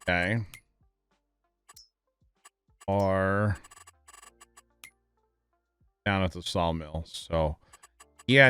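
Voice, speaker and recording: A man's voice: lowish voice, a bit bright, clear, resonant tone. A man streaming a farming game live, chatting casually and easygoing with his chat and fellow players. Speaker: livestreamer.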